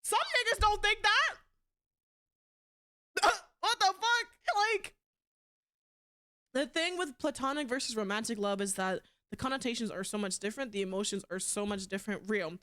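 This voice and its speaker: A young woman streaming live, chatting casually and bluntly, swearing a lot and swinging between loud outbursts and quieter asides. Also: fairly high pitch, expressive, normal speed. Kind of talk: casual livestream chat.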